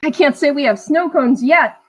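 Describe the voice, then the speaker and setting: Woman doing a bubbly cartoon ringmaster, high and showy. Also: expressive, normal speed, a bit bright, low-quality recording. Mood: delighted. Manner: high, bouncy, theatrical showman patter. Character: small cartoon ringmaster tune, male, showy and cheerful.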